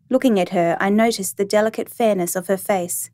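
A woman narrating a first-person story in a calm, even, reflective reading voice. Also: mid-range voice, a little fast, dry recording.

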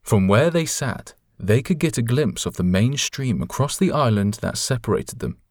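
A man's voice: mid-range voice, expressive, moderate pace, a little mellow, no room sound. Man reading a storybook, close and dry. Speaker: audiobook reader. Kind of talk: storybook narration.

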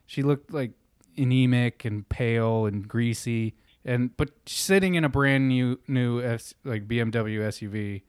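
Young guy ranting through a story, swears a lot, mid-pitched, dead dry mic. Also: a little slow, clean tone, no room sound. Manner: rambling, profane, animated retelling. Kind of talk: casual storytelling chat.

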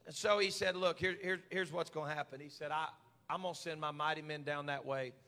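Man, pastor, high bright voice, fiery sermon with repeats, reverb of a church hall. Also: fairly even intonation, fairly quick. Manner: preaching with rising shouts and repeated words.

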